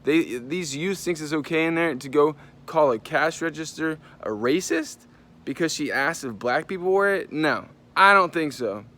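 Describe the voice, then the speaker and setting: A man's voice: a little high, lively intonation, moderate pace, bright, forceful tone. A man telling a story in a casual, profane vlog rant. He talks with animation and often jumps into voices to quote people. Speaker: vlogger.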